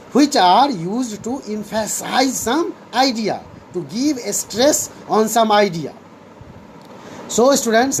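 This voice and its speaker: A woman's voice: mid-range voice, darkish tone, slight background noise, rough recording. A woman teaching a grammar lesson to students, going over each definition again and again and returning often to "here" and "so students". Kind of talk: slow classroom lesson.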